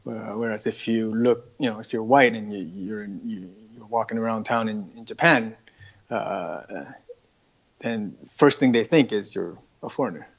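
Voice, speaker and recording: A man's voice: on the low side, normal speed, creaky, slightly rough, dull audio. A man with a North American accent, a guest chatting casually and thinking aloud, often restarting his sentences. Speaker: interview guest. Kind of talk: casual conversation.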